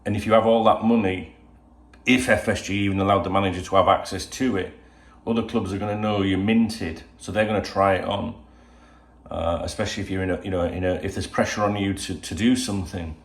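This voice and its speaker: A man's voice: low-pitched, fairly even intonation, fairly quick. An older man from England talking casually to camera at home as a football channel host, rambling with lots of "you know" asides. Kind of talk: casual solo video chat. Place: at home indoors. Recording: roomy home echo.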